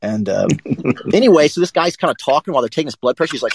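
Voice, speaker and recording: A man co-hosting a live sports talk show, telling a rambling, profane story in a casual, animated way. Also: medium pitch, quick pace, husky, low-quality recording.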